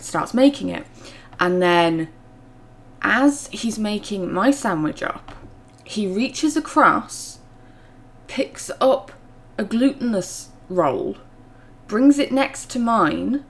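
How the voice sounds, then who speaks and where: A young woman, chatting through a storytime vlog with lots of fillers, her voice rising when she gets indignant. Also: on the high side. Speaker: vlogger.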